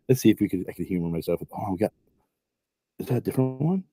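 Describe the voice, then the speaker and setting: Low gravelly man with a husky voice. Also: expressive, moderate pace, warm tone, no echo. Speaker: stream host reacting to clips. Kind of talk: casual commentary.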